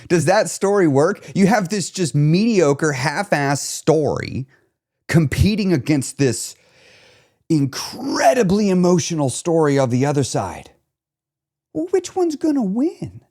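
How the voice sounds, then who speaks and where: Animated, lively weight loss coach, man. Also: a little high, measured pace. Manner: animated, emphatic, casual with swearing. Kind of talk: solo podcast monologue.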